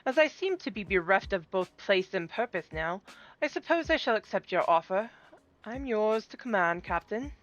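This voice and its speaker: A woman's voice: medium pitch, expressive, moderate pace, no room sound, natural voice. A woman voicing a formal, solemn male cat knight with stiff, old-fashioned phrasing. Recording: dull lo-fi with game music.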